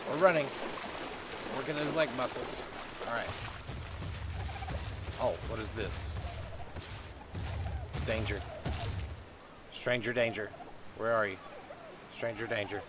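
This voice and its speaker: A man's voice: medium pitch, slow, long pauses. A man doing in-character game roleplay, coaxing and cheering on his pet creature. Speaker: roleplaying gamer. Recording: loud game wind and ocean noise.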